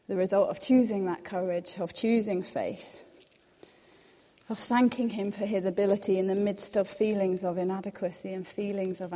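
A young adult woman giving an earnest, reassuring devotional talk, reading scripture in a softer voice. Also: mid-range voice. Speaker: devotional speaker. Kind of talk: devotional teaching. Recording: long hall reverb.

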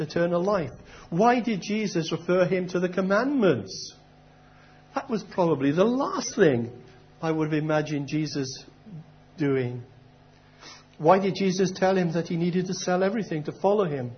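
A middle-aged man preaches to his congregation in an earnest, questioning, conversational manner. His voice sits a little high for a man, and the recording is dull and lo-fi. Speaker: pastor. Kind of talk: sermon.

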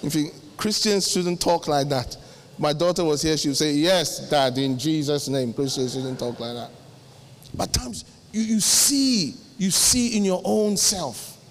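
A middle-aged male pastor preaching, acting out little dialogues with sudden jumps in pitch. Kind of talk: sermon. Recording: long hall reverb.

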